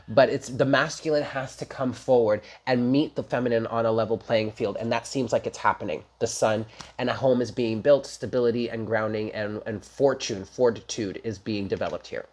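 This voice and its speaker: A husky, slightly breathy voice sits at a middling pitch, belonging to a tarot reader giving a relaxed daily reading. The delivery is chatty and emphatic, blunt, with casual swearing, and it addresses viewers directly throughout. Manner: talks straight to viewers.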